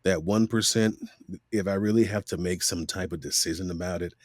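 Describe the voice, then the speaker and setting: Deep-voiced and brisk, this middle-aged man from Miami, USA, is a voice actor guesting on a casual interview, where he tells stories with energy and acts out quoted voices. Audio is studio quality, free of echo.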